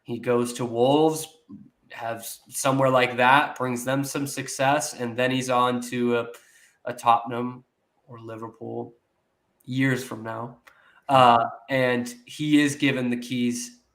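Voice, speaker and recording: A man's voice: medium pitch, little pitch movement, measured pace, a bit bright. A man co-hosting a football podcast, talking casually and hedging his points. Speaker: podcast co-host. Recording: roomy echo.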